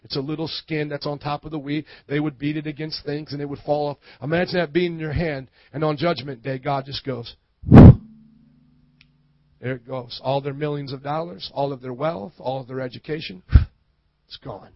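A male pastor giving a sermon, talking conversationally and building up to loud preaching. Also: a little high, steady tone, normal speed, no echo, lo-fi sound.

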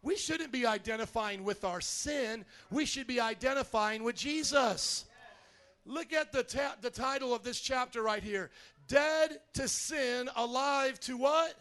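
A man preaching a sermon as pastor in a church, animated and calling out to the congregation for responses. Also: very high-pitched, unhurried, smooth.

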